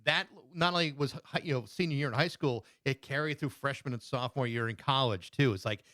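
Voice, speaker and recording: A man hosting a music podcast, chatting in an excited, conversational way. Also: medium pitch, fast, dry recording. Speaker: podcast host. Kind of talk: casual interview chat.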